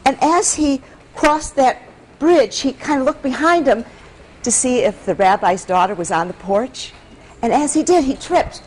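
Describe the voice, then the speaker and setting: A woman's voice: high voice, slight background noise. A woman storyteller from Michigan tells a folktale to a live audience and coaxes the listeners to repeat words after her. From Michigan, USA.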